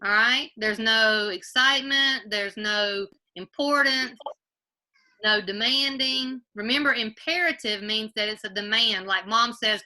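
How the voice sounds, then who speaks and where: Brief: woman grade-school teacher on a video call from home, very bright, slightly high voice, patient, repeats questions. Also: unhurried. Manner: patient, quizzes pupils by name, repeats questions. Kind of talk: online class teaching.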